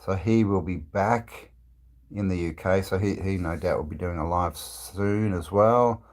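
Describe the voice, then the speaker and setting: A man with a very low voice hosts a casual live stream, answering viewers' comments as they come in. He rambles at a relaxed pace, trailing off and restarting his sentences with plenty of fillers. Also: a little slow. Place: indoors, travelling.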